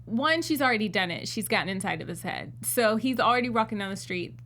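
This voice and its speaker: A woman co-hosting a TV recap show in casual chat, animated and acting out what she would say. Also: medium pitch, fast talker. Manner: animated, acts out what she'd say. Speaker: co-host.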